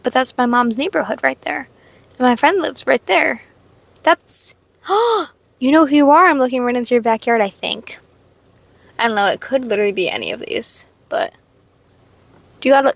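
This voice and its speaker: A young woman vlogging from her parked car, telling a story in a chatty, animated way, full of "like" and sudden squeals of excitement. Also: high voice, creaky, no echo. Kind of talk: casual storytelling chat. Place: parked car in a parking lot.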